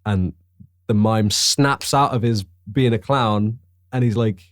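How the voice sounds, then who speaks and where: Young man, excitable sweary storytelling, lowish voice, dry close sound. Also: slow pace, no echo. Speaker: podcast co-host. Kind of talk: casual chat.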